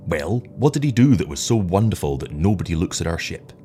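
A man's voice: low-pitched, sing-song, fairly quick, warm tone, faint music behind. A man voicing a tired, cynical older rocket captain who snaps impatiently at his lieutenant. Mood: snappish, incredulous. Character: weary, sharp-tongued older male rocket captain.

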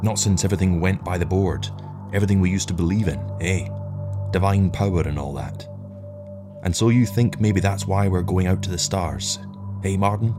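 A man's voice: sits low, normal speed, music in the background, natural voice. A man voicing a tired, cynical older rocket captain who snaps impatiently at his lieutenant. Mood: weary, irritable. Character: weary, sharp-tongued older male rocket captain.

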